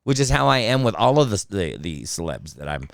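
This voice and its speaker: A man in his fifties, a guest comedian and voice actor, telling animated, profane anecdotes in casual chat, acting out the people he quotes, on a close studio mic. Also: lowish voice, a little fast, creaky, no room sound. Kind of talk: casual storytelling. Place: podcast studio.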